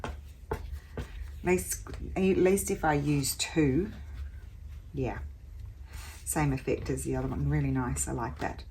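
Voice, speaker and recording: A woman with a low voice talks through her crafting as she goes, thinking aloud. She chats casually and drops in little exclamations of delight. A faint noise sits under the recording. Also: fairly even intonation, slow, pauses often, mellow. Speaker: craft vlogger. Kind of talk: chatty crafting narration.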